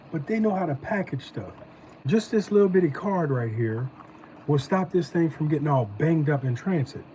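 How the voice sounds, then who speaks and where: An animated man chats loosely and slangily while he reviews snacks on a live stream. His voice is very dark and mellow, though pitched a bit high for a man. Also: a little hiss or hum, rough recording. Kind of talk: casual live-stream chat.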